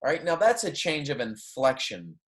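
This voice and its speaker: Patient male teacher, lecture delivery, models example sentences with clear rising and falling tones. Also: a little high, big pitch swings, normal speed. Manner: patient, explanatory, frequent "okay?" and "right?" check-ins; models Spanish example sentences with exaggerated intonation. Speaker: Spanish teacher. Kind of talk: recorded classroom lecture.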